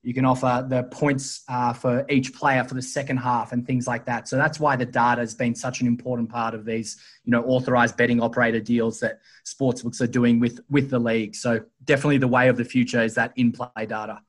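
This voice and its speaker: A man's voice: medium pitch, little pitch movement, a little fast, hardly any pauses. A man talking as a guest in a podcast interview, explaining at length with frequent fillers and restarts. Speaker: sportsbook executive guest.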